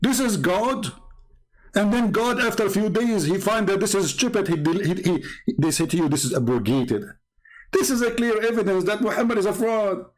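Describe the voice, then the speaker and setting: Mocking, combative man with a highish voice. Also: brisk. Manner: mocking, combative, repetitive, laughs at own jokes. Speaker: online religious debater. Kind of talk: monologue on a live stream.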